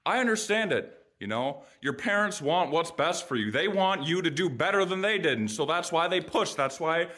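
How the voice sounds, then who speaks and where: Lively, bright-voiced young man vlogging. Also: on the high side, normal speed, hardly any pauses. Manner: blunt and profane, swings from joking to frustrated ranting. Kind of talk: casual personal vlog.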